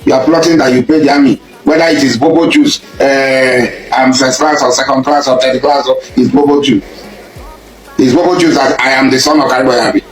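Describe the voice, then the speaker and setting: A man with a Nigerian accent giving an impassioned public speech, accusing a rival and repeating his points, at times rising to a shout. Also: medium pitch, fairly even intonation, brisk, roomy sound, faint music behind, rough recording. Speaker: public speaker addressing a rival.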